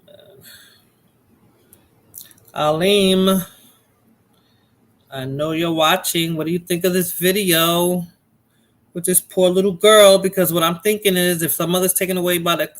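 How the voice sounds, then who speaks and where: A man with a somewhat high voice hosts a live reaction stream. He chats casually, calling out to viewers in the chat as he reacts to a clip. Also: fairly bright tone. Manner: chatty, talks to viewers in chat by name. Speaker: livestream host reacting to videos.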